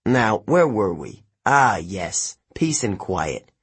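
Man playing a calm, weary courier. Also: fairly low pitch, slow, slightly rough, exaggerated voice. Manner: relaxed and easygoing, a little weary.

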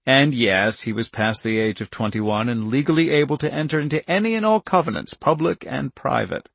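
A man reading a novel aloud in steady scripted narration, in a dry studio recording. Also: mid-range voice, fairly quick, gravelly, no room sound. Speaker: audiobook narrator.

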